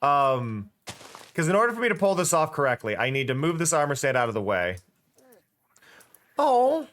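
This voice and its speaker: A man's voice: fairly high pitch, wildly swooping pitch, moderate pace, fairly bright tone. A man streaming a game, chatting casually and rambling at a desk mic, swearing and laughing often. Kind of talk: casual live-stream chat while gaming.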